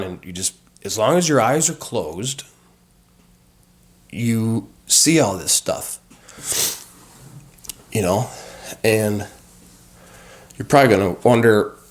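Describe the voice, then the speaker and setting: A man telling a personal story conversationally, animated, with frequent fillers and restarts. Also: fairly low pitch. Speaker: guest sharing recovery experience.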